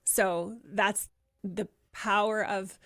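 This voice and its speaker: A woman's voice: mid-range voice, steady tone, extremely slow, fairly bright tone, dry recording, clean studio sound. A woman hosting a parenting podcast as a coach, speaking in an encouraging, emphatic way and repeating words for stress. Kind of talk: conversational interview.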